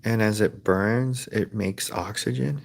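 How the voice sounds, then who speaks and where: A man hosting a comedic livestream, rambling in a deadpan way through mock sponsor pitches. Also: a little slow, creaky. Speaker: streamer. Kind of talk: improvised comedic livestream rant.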